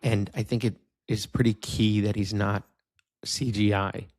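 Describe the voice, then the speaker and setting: Low-voiced man giving candid movie opinions. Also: level tone, measured pace, darkish tone, no echo, clean studio sound. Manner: candid, offhand, swears casually. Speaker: podcast co-host. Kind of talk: casual film review chat.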